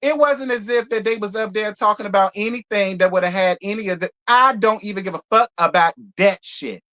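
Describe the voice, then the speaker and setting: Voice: mid-range voice, fairly quick, sharp tone. A reality TV reviewer hosting a live show review, ranting in a blunt, profane, heated way and hammering points home by repeating them. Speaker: reality TV reviewer, channel host.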